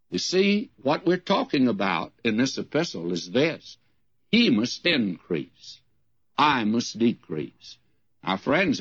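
A man's voice: mid-range voice, no echo, lo-fi sound. An older man from the United States giving folksy, emphatic Bible teaching, with rising questions.

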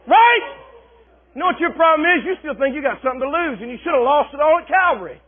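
A man preaching a sermon, lively and dramatic, shifting between quiet asides and loud shouting. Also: extremely high pitch, fast talker. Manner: animated preaching, swings from soft asides to shouting, laughs often. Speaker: pastor. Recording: phone-like, thin and husky.

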